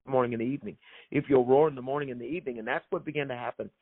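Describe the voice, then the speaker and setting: A man's voice: mid-range voice, rapid-fire, dry recording. Emphatic preaching man, tinny sound. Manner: emphatic, preacherly, repeats phrases for effect. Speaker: author and minister. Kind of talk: guest telling a faith story in a preaching tone. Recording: thin phone-like sound, dry.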